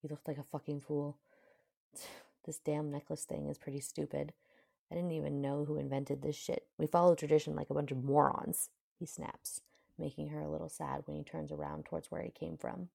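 A brash young barbarian prince talks curtly and swears with ease, as a woman reads him. The delivery is low, dark and gravelly. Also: little pitch movement, normal speed, heavily acted. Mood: gruff. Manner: gruff, curt, swearing.

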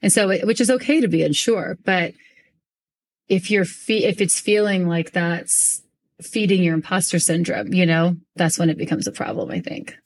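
A young adult woman hosting a casual podcast interview as a business coach, talking in an animated way and often repeating herself as she works through her thoughts. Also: fairly low pitch, moderate pace.

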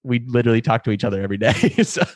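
A young man co-hosting a podcast, talking in a loose, chatty way with frequent laughs and plenty of "like". His voice sits at an ordinary pitch, and the recording is close and dry with no room sound. It feels like an easy talk between friends. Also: very fast, a little mellow, no echo. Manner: chatty, laughs often, fillers like "like". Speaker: podcast co-host. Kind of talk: casual chat.

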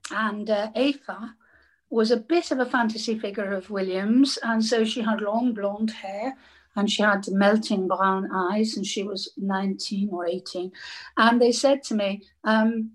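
An older woman, a radio actress, telling lively anecdotes in casual chat and laughing often. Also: mid-range voice, a little slow.

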